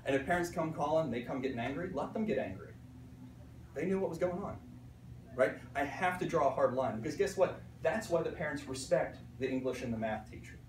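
A fairly high-voiced man from Pittsburgh tells classroom stories to a room of teachers, playing out the voices of students and parents. He talks in an animated way and keeps asking "right?" The recording is roomy and picked up from some way off, with faint room noise behind him. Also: fairly quick. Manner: animated storyteller, acts out voices, frequent "right?". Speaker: art teacher presenting at a conference. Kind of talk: conference talk to teachers. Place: conference room. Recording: echoey room recorded from a distance.

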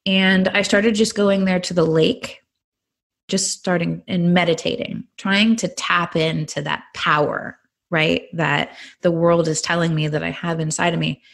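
Give me a middle-aged woman guest sharing her testimony earnestly, with a somewhat low voice. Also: unhurried, gravelly. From California. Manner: earnest, animated storytelling. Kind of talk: personal testimony in a podcast interview.

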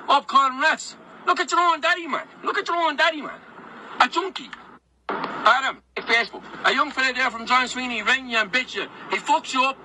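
A man's voice: extremely high pitch, pushed and bright, a little hiss or hum, rough recording. A man in an angry, repetitive rant, taunting and insulting someone and challenging him to fight.

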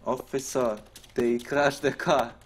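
A man streaming a role-play game, commenting excitedly, swearing and laughing as he plays at his computer. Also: mid-range voice, slow, a little hiss or hum.

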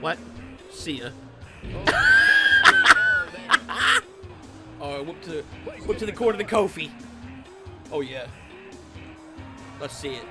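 A man giving excitable, profane gameplay commentary, trash-talking and bursting into shouts while he plays. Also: high voice, vocal fry. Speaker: gaming YouTuber.

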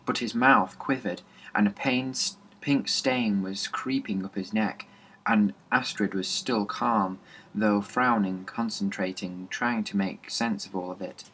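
A man's voice: on the low side, fairly bright tone, slightly rough. A man reading a novel aloud as an audiobook, plainly, with small slips and restarts. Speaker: reader.

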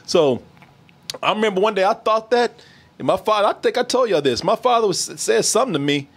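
A man with a high, husky voice tells a comic story on a podcast, his pitch leaping all over as he acts out what people said. He laughs often and talks in a loose, casual chat. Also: lively intonation, brisk. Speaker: podcast host.

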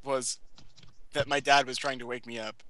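A man's voice: medium pitch, fairly even intonation, a bit bright, low-quality recording. A teenage man hosting a casual group podcast, reading out questions and laughing easily. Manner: giggly, quick to laugh.

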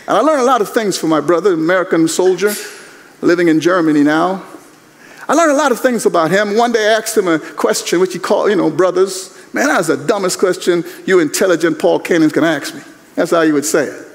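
A male pastor giving a chapel sermon, preaching emphatically and conversationally with many rhetorical questions. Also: high voice. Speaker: guest chapel speaker, pastor. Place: university chapel. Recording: echoey hall.

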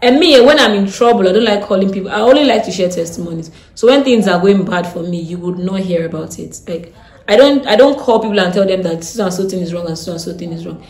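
A young Nigerian woman with a Nigerian accent, telling a story in a blunt, animated way with Pidgin turns of phrase. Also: mid-range voice, quick pace. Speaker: vlogger. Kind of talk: casual storytime. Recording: echoey room.

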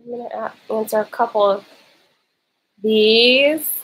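A woman vlogger who lives in Los Angeles answers viewer questions in a live Q&A, speaking at a measured pace in a slightly high, bit bright, husky voice. She sits on her bed talking into an old laptop's built-in mic, coughs lingeringly, and is interrupted by her small son, all in a low-quality recording.

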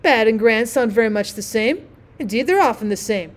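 A haughty, self-important rocket, vain and sure of his own greatness, as a woman puts him on in a storybook reading. He speaks up high and firmly. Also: animated, brisk, natural voice. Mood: pompous. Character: pompous conceited male firework rocket.

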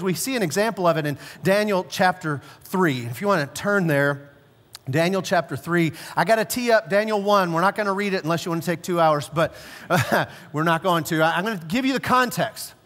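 Man, pastor, high voice, emphatic storytelling sermon, long reverb of a church hall. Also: a bit bright. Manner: storytelling, emphatic, slows and drops low for stress. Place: church sanctuary.

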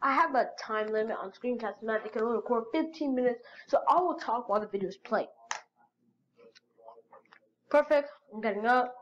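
A woman with a high voice reads chat stories aloud, reacting with excited gasps. The recording is dull and lo-fi, with faint noise behind her. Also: a little fast, long pauses. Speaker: channel host.

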